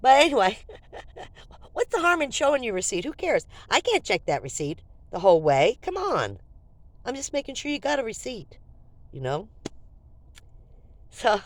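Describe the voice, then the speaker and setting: An older woman vlogging, telling a story to her viewers in a casual, animated and jokey way. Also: on the high side, no room sound.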